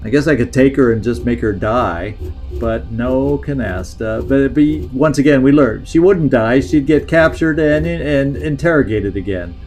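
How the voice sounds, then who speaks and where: With soft music in the background, a man in a strategy game stream thinks aloud about his next moves. His medium, darkish voice moves at a normal speed with hardly any pauses, though his tone stays musing and hesitant as he talks through each plan.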